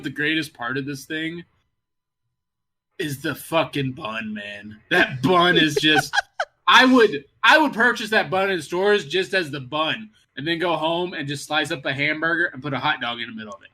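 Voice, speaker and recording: Bright-voiced jokey male co-host. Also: fairly high pitch, normal speed, slight background noise. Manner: excitable, swears a lot, jokey. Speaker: podcast co-host. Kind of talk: casual chat.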